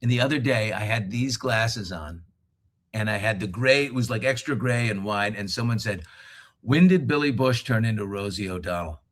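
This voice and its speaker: A man's voice: fairly low pitch, moderate pace, slight background noise. A middle-aged man hosting a live talk show from a hotel room, chatting casually and joking a lot. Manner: jokey, animated, laughs a lot. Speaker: host.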